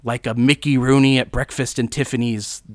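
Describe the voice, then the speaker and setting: A man's voice: mid-range voice, flat delivery, moderate pace, darkish tone, dry recording, lightly acted. A man impersonating a male movie star who sounds like a scary person trying to sound nice. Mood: eager. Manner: sinister false friendliness.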